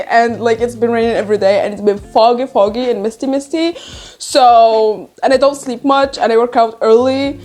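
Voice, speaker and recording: A young book vlogger with a slight non-native English accent rambles chattily about a book she's reading, her voice on the high side, a little mellow and at a moderate pace. Her talk is full of fillers and asides, with soft music in the background. She holds the mic in her hand, then sets it in her lap.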